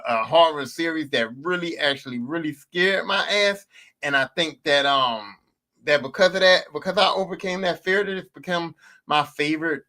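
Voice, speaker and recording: Bright-voiced man telling animated stories. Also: fairly high pitch. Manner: animated, profane and repetitive. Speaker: podcast host. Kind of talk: casual storytelling monologue.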